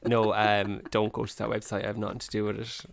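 A man's voice: lowish voice, completely flat delivery, quick pace, creaky. A man co-hosting a podcast in casual comedic chat, joking and teasing, stumbling over names as he reads. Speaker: podcast co-host.

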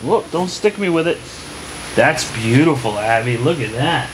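With background noise around him, a father records a home vlog indoors, speaking in a medium-pitched, animated voice at a measured pace. He cheerfully walks his daughter through a painting activity, repeating short cues.

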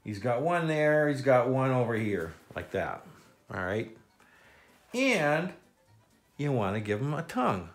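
A man's voice: mid-range voice, big pitch swings, a little slow, faint music behind. A man leading a kids' step-by-step drawing lesson, playful and jokey, with silly sound effects. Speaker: children's drawing instructor.

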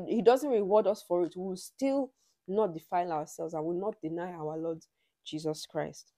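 A woman's voice: fairly low pitch, mellow, dry recording. A woman giving a conversational devotional teaching and leading a prayer, with frequent "you know" asides.

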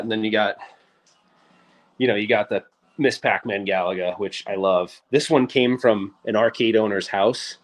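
A man in his forties hosts a casual livestream. He rambles in an upbeat way, jumps between thoughts and restarts sentences as he goes. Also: lowish voice. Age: 40s. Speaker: livestream host.

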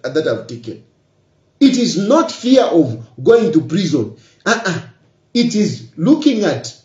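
Zambian man, emphatic and insistent, high lively voice, echoey dull recording. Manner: emphatic, repetitive, rising to insistence. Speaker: politician. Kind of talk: political address to social media. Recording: echoey, dull lo-fi room sound.

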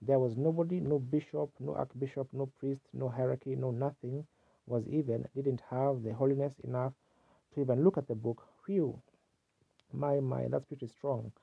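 A man's voice: medium pitch, steady tone, normal speed, creaky, husky, no echo. A man preaching a sermon with fervent exclamations, heard on a dull, lo-fi archival tape.

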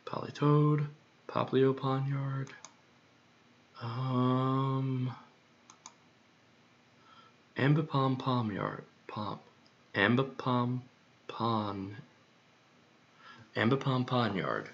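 Slow, gravelly man muttering to himself. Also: medium pitch. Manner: mutters to himself, repeating words over and over. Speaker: creator working on a song. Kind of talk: thinking aloud while working. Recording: dull lo-fi recording.

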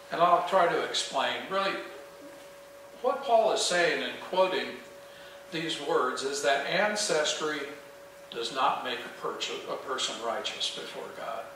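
Bright-voiced man preaching in an echoey church. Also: fairly high pitch, a little hiss or hum. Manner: earnest, emphatic preaching with rhetorical questions. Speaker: pastor. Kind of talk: sermon. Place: small church sanctuary. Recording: echoey church heard from a distance.

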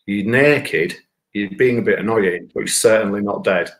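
A man telling a rambling, sweary personal anecdote, jumping up loud when he quotes himself. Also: on the low side, moderate pace, slight background noise. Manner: sweary, animated, rises to shouts when quoting himself. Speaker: storyteller. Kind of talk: casual anecdote.

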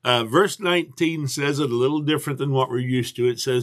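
An older man, a pastor, giving a livestreamed morning devotion in an earnest, unhurried way, with frequent restarts. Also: mid-range voice.

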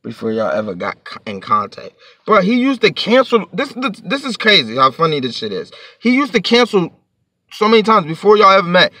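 A man's voice: high voice, huge pitch swings, a little fast, bright, forceful tone, dry recording, clean studio sound. A man telling a storytime to his vlog audience in a heated, profane, rambling rant, sitting a bit back from the mic.

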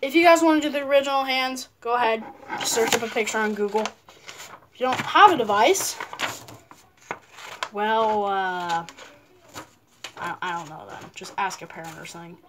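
A woman's voice: on the high side, expressive, moderate pace, long pauses, noisy background. A woman hosting a casual paper-craft tutorial at home, chatty and playful, with rambling asides. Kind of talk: casual how-to narration.

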